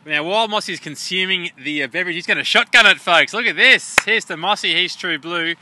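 A man's voice: high voice, brisk, bright, forceful tone, no room sound. An Australian man co-hosting a jokey sports show outdoors at a stadium, with a mock-formal presenter patter. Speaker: co-host.

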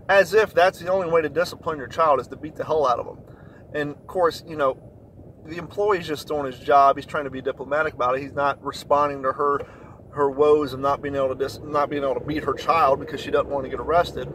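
A man telling a story in a blunt, profane rant, getting louder when indignant. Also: a little high, steady tone, brisk, slight background noise, poor audio. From Kentucky, USA. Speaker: vlogger. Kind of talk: ranting storytelling monologue.

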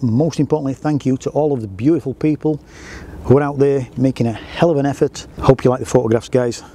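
A man's voice: medium pitch, fairly even intonation, fast talker, warm tone, a little hiss or hum. A man who works as a photographer, talking in a casual, enthusiastic vlog and often restarting his sentences. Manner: chatty and enthusiastic, with frequent restarts.

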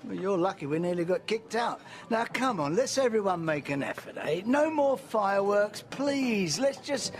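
An actor playing a blustering older uncle hosting a family meal, with an exasperated manner. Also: male voice, sits high, lively intonation, normal speed, few pauses, slight background noise. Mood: coaxing. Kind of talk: TV soap drama acting.

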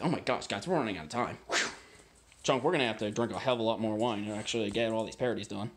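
A man's voice: on the low side, fast, a bit bright. A man hosting a casual home video, tasting wine and chatting to his dogs between remarks. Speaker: amateur wine vlogger.

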